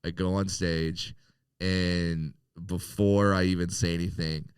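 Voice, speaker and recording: A man's voice: low-pitched, flat delivery, takes it slowly, smooth, no echo. A man talking loosely as a comedian guest in a casual interview, joking, swearing freely and restarting sentences.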